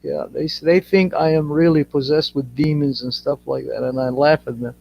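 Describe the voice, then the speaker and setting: A man from Iraq chats casually and swears freely while he spins crude stories. His voice sits a little high. The audio is muffled and lo-fi. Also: steady tone, moderate pace, gravelly. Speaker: channel host. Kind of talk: casual chat. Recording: dull lo-fi audio.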